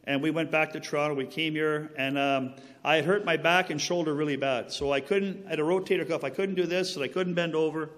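A man's voice: on the high side, steady tone, a little fast, a bit bright, big-room sound. A man giving a personal faith testimony in a rambling, earnest way, often drifting off on tangents. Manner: rambling, goes on tangents and then apologizes; earnest and preachy, stresses key phrases. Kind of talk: personal testimony, casual storytelling.

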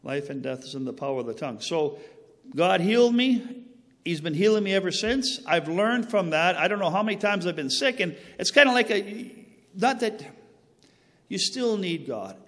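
A man's voice: high-pitched, animated, moderate pace, fairly bright tone, big-room sound. A man giving a personal faith testimony in a rambling, earnest way, often drifting off on tangents. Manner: rambling, goes on tangents and then apologizes; earnest and preachy, stresses key phrases. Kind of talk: personal testimony, casual storytelling.

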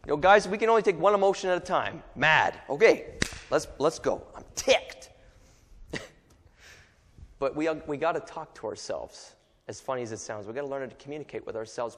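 A man's voice: high voice, expressive, fast talker, a bit bright, big-room sound. A man preaching a sermon in a casual, joking way, acting out little asides and voices as he goes.

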